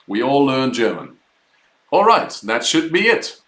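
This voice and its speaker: A man's voice: medium pitch, sing-song, measured pace, a bit bright, reverberant, low-quality recording. A man teaching a live online German class, explaining words patiently step by step.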